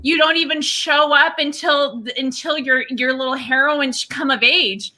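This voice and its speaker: A woman's voice: sits high, fairly even intonation, measured pace, sharp tone. A woman playing a brash young princess in an improv comedy insult battle, swearing and taunting her opponent. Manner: trash-talking, swearing, taunting. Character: brash trash-talking young princess, cocky and crude.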